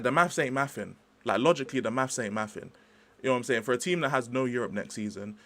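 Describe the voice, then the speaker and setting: A young man hosts a casual football livestream. He rambles in a chatty, slangy way and keeps cutting in with asides to his chat. His voice sits at an ordinary middle pitch. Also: a bit bright. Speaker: livestream host.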